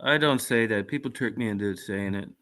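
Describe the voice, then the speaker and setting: A man's voice: fairly low pitch, fairly quick, a bit bright. A man from Canada hosting a casual call-in show, jokey and selling his CDs. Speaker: host and musician.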